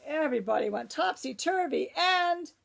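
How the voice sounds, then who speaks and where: A woman's voice: high-pitched, lively intonation, normal speed, vocal fry. A woman librarian reading a picture book aloud to children, breaking off for chatty asides to her young listeners.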